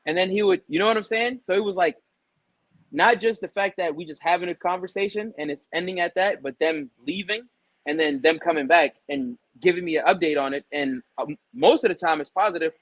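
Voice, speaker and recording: A young adult man, a barber guest on an interview show, talks casually and tells stories packed with retold back-and-forth dialogue and "um"s. His voice sits a little high for a man. The sound is dry and close, with no room echo. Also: a little fast. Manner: relaxed storytelling with many fillers and retold dialogue.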